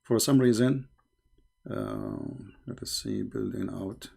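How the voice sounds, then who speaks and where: A man's voice: fairly low pitch, wildly swooping pitch, slow, creaky, warm tone, slightly rough. A man hosting a heated live debate over a video call, combative and repetitive, with broken grammar. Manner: combative, repeats phrases, non-native grammar. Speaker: host.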